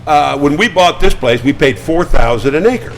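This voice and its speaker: An older man talking as a guest, spinning chatty, animated anecdotes with frequent stammered restarts. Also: on the high side, moderate pace, a little hiss or hum, rough recording. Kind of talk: casual storytelling. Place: studio.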